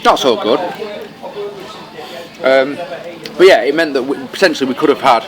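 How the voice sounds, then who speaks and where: A man co-hosting a casual podcast, chatty and swearing casually, recorded in a fast-food restaurant. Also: mid-range voice. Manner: chatty, swears casually, talks while eating. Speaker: podcast co-host. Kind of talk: casual chat. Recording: noisy crowded restaurant. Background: busy restaurant crowd chatter.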